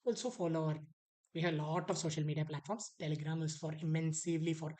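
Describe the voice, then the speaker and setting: A woman's voice: low-pitched, fairly even intonation, fast talker, mellow, rough recording. A woman, teaching an online exam prep lesson, repeating key words and acting out an author's attitude.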